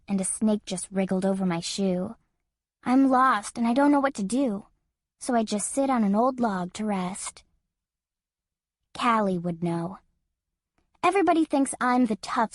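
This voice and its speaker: A woman's voice: mid-range voice, dry recording, studio quality. A woman narrating an audiobook as a frightened seven-year-old girl, in an earnest, childlike first-person telling.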